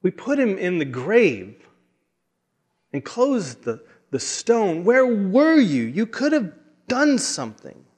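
A man voicing a grieving young woman who pleads and accuses, her voice rising toward near shouts. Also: sits high, big pitch swings, normal speed, hardly any pauses, slightly rough, pitched above the performer's own voice, full character voice. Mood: anguished accusing. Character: grieving young woman demanding why help never came.

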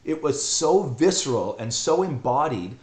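A middle-aged man telling a heartfelt personal story on a podcast, earnest and emotional, often halting and repeating himself. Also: mid-range voice, big pitch swings, a little mellow. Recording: roomy echo.

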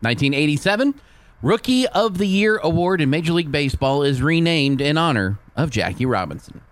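A sports radio co-host reads out the day in history and teases his co-hosts, animated and laughing often in casual banter. His voice is fairly high and fairly quick, and the recording is dry.

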